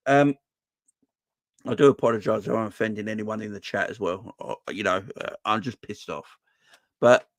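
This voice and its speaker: A man hosting a late-night football fan livestream from home, ranting loudly and swearing freely. He repeats his points over and over. His voice sits at a middling pitch and sounds close and dry, with no room around it. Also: dry recording. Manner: swears freely, loud and animated, repeats himself. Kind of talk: casual ranting livestream chat. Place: home at night, kids asleep.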